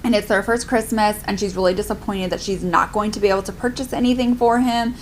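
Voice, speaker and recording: This book vlogger, a young adult woman, talks quickly and casually in her review video, leaning heavily on "like" as filler. Her medium-pitched voice has fairly even intonation, and there's slight background noise.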